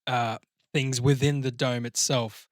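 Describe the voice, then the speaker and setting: A man co-hosting a podcast, chatting in an animated way and swearing freely. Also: medium pitch, a little slow, no room sound, clean studio sound. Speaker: podcast co-host. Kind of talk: casual chat.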